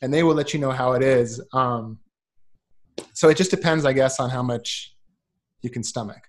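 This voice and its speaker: Laid-back guy podcast cohost, self-deprecating, mid-pitch voice. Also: moderate pace. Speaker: podcast co-host. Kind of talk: casual chat.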